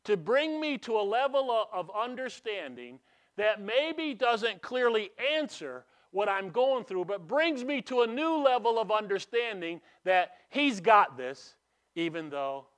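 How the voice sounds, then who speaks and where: Unhurried and high-voiced, this preacher uses lively intonation as he talks through his sermon in a conversational manner. Rhetorical questions come up often, and his tone moves back and forth between forceful and hushed.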